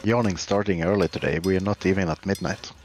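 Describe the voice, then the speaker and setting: A man's voice: low-pitched, steady tone, quick pace, darkish tone, slight background noise. A man co-hosting a casual livestream chat, laid-back, with short dry remarks that trail off. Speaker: co-host.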